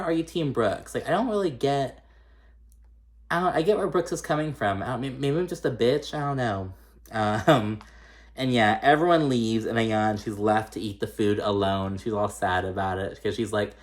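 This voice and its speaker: A man's voice: on the low side, moderate pace. A man hosting a casual reality TV recap, chatty and gossipy, swearing freely and acting out what others said. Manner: chatty, profane, gossipy, acts out quoted lines.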